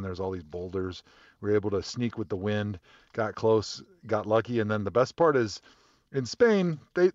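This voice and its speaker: A man's voice: fairly low pitch, no room sound. A man telling a long story in an easygoing, rambling way, with plenty of fillers and restarts. His voice sounds a little dull and muffled, and it is dry, with no room sound around it. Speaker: guest, former football player. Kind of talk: casual storytelling.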